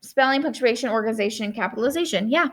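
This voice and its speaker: A woman's voice: on the high side, rapid-fire. A woman teacher giving a lesson to young children at home, reading her own essay and thinking aloud in a friendly way.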